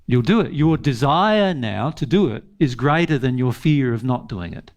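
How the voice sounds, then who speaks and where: A man's voice: medium pitch, animated, moderate pace. A man giving an informal spiritual teaching talk, earnest, repeating phrases and laughing often.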